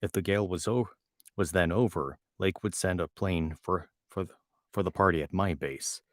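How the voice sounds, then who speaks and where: A man with a low voice reads a novel aloud into a home microphone. He often trips on a word and goes back to restart it. The sound is close and dry. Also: moderate pace, no room sound. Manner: stumbles and restarts words often. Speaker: reader reacting to a novel. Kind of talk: reading aloud with asides.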